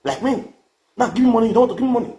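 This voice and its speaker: A man's voice: very high voice, expressive, very fast, dark tone. A man with a Nigerian accent ranting to camera in a boastful, crude, mocking way, repeating his phrases. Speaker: vlogger.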